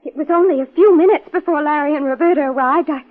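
A woman's voice: high voice, fast, natural voice. An actress playing a frightened, jilted young woman suspect in a 1950s radio drama, pleading and breathless. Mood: defensive. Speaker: murder suspect. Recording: tinny old radio broadcast.

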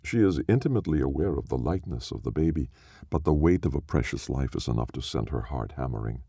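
A man reads a story aloud, slow, measured and solemn. His voice is very deep with a gravelly, dark edge. The recording is close and dry. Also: lively intonation, no room sound. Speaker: narrator. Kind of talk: scripted story narration.

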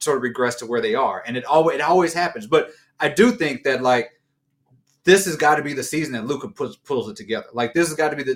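A man's voice: mid-range voice, fairly bright tone. A man co-hosting a casual sports talk show, rambling through his points with restarts and bursts of laughter. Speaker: co-host.

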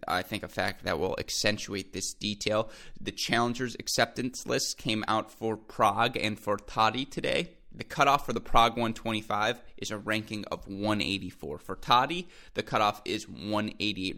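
Low-pitched male podcast host, upbeat and chatty, talks straight to his listeners. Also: bright, forceful tone. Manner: enthusiastic, chatty, addresses listeners as folks. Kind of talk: solo podcast commentary.

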